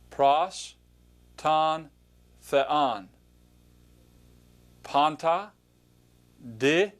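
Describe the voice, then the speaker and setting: A man teaching a recorded Greek lesson, patiently pronouncing each word aloud with frequent hesitations. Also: mid-range voice.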